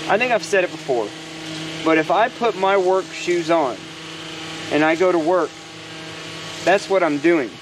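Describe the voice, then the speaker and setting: A man, rambling casually about his backyard project and joking as he goes. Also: fairly high pitch. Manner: rambling and joking, given to side rants. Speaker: DIY maker vlogger. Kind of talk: casual workshop chat. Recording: outdoor ambience with noise.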